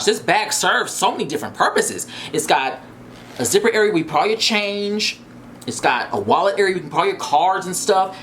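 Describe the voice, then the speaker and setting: A man gushes through an unboxing vlog, his voice leaping up and down with every exclamation. He repeats himself in excitement, and a faint hiss sits under his voice. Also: on the high side. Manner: gushing, exclamatory, repeats phrases. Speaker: vlogger reviewing a bag.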